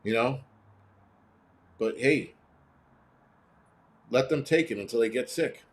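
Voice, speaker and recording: A man hosting a casual live stream, talking bluntly and swearing freely as he responds to viewer comments. His voice sits in an ordinary middle pitch. He slips into quick imitations of people he is describing. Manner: profane, ranting, blunt; mimics others in quoted voices.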